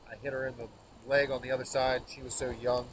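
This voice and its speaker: A man's voice: mid-range voice, fast talker. A man, host of the show, telling rambling, folksy hunting stories around a campfire outdoors. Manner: folksy, rambling, laughs at his own stories. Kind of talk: casual storytelling by a campfire. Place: outdoors by an open fire. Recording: outdoor recording with steady background noise.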